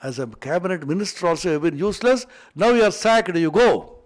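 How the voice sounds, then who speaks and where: An exasperated male king of the gods who gives curt orders and scolds his useless ministers, as a male teacher acts him out. His voice sits fairly high for a man. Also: expressive, fairly quick. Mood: scolding.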